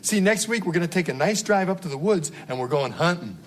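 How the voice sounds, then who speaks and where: A podcast co-host reenacts scenes comedically, delivering a sitcom father's lines with mock-dramatic flair. His voice is on the high side, fast, with lively intonation and close to an everyday sound, against loud background noise.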